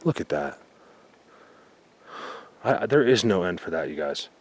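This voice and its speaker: A man vlogging outdoors in a forest, excitedly showing viewers what he finds and sometimes dropping to a whisper. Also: low-pitched, a little slow, breathy edge. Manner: excited, talks to viewers, drops to a whisper at times. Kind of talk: outdoor exploring vlog.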